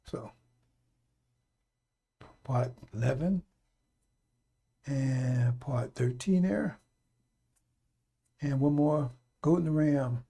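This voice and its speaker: A man's voice: mid-range voice, extremely slow, vocal fry, pauses often, warm tone, husky. A middle-aged man giving a fiery, off-the-cuff radio sermon, blunt and profane, repeating his warnings over and over. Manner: blunt, profane, repetitive exhortation. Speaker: radio preacher.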